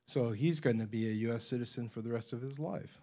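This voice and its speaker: A man giving a talk to a forum audience in a university lecture room. He tells his stories with energy and chuckles between points. His pitch sits at an ordinary middle level for a man. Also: a little fast. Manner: animated storyteller, acts out quoted voices, laughs often. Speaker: forum speaker.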